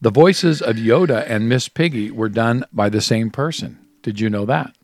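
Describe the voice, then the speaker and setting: A man's voice: mid-range voice, moderate pace, a little mellow. A man co-hosting a casual radio-style chat, reading out spooky stories and trivia facts and laughing often. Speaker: co-host.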